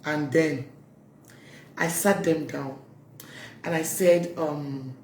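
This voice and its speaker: A woman giving heartfelt, pleading advice to parents, telling personal stories with many pauses and ums. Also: low-pitched, steady tone, a little mellow, slight background noise. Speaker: parenting speaker. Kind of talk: earnest advice talk to parents. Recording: roomy echo.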